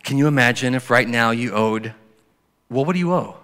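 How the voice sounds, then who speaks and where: A male pastor preaching a sermon in a conversational way, slowing and softening when he reads scripture. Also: medium pitch, clear, resonant tone. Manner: conversational preaching, drops to soft slow scripture reading. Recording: long hall reverb.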